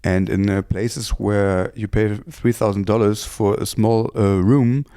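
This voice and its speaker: German composer in interview, low mellow voice, hesitant and thoughtful. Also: male voice, steady tone, unhurried, smooth, no echo, clean studio sound. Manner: thoughtful, hesitant with many fillers. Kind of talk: reflective interview.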